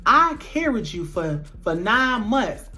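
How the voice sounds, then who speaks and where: A woman's voice: mid-range voice, sing-song, takes it slowly, pushed and bright, soft background music, pitched above the performer's own voice, exaggerated voice. A woman voicing her older mother, tearful and pleading one moment, firm and preachy about faith the next.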